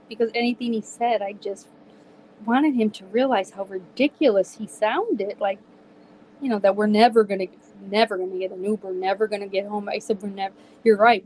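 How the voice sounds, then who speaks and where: A middle-aged woman from Pennsylvania, hosting a podcast and telling a story in a casual, animated way, quoting herself and others and laughing often. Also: mid-range voice, a little hiss or hum, poor audio. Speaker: podcast host.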